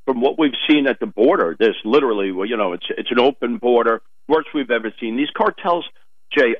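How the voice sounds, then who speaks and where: A man giving commentary as a guest on a talk radio show, speaking firmly and forcefully. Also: fairly high pitch, no echo. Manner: firm, forceful. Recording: dull lo-fi line.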